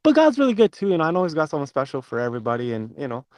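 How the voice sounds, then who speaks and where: A man's voice: fairly high pitch, wildly swooping pitch, racing, a little mellow, dry recording. An earnest man rambles through his advice, full of "um" and "you know." His voice sits a little above the usual range for a man. The sound is close and dry. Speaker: participant in an audio chat room. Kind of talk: casual chat, giving advice.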